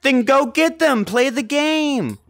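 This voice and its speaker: A man playing VR tag live with viewers, talking over a headset mic and shouting and laughing as he plays. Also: extremely high pitch, expressive, slow pace, dry recording. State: out of breath. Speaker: gaming YouTuber. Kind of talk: live VR gameplay commentary.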